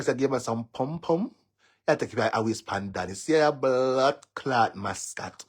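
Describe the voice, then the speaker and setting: A man's voice: mid-range voice, a bit bright, breathy edge. A man with a Jamaican accent delivers a mocking, cursing online rant, taunting and repeating himself as he goes. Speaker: social media commentator. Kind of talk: ranting live-stream monologue.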